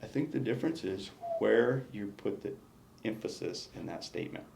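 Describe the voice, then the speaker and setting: A man's voice: lowish voice, normal speed, gravelly, darkish tone, roomy sound, a little hiss or hum. A man, a retiring battalion chief, reflecting in an exit interview, emphatic and given to restarts. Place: indoor meeting room.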